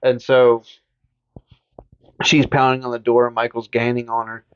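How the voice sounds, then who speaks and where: A man co-hosting a casual podcast, telling a film's story in a loose, rambling way, with plenty of swearing and fillers. His voice sits at a middling pitch. The audio is dull and lo-fi. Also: monotone, clean tone. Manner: rambling, profane, acts out characters in quick voices. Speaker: podcast co-host. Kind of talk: casual movie recap chat.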